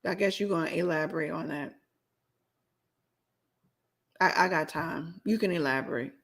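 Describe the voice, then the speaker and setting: A woman's voice: low voice, moderate pace, fairly bright tone. A woman hosting her own podcast, ranting bluntly and sassily in a solo show while answering her live chat. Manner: blunt, sassy, repetitive ranting. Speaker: podcast host.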